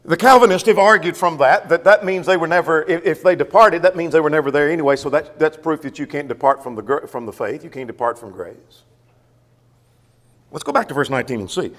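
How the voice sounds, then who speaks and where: A man's voice: on the high side, fairly quick, a bit bright, in a large hall. A man preaching a sermon in a church, asking himself questions and answering them.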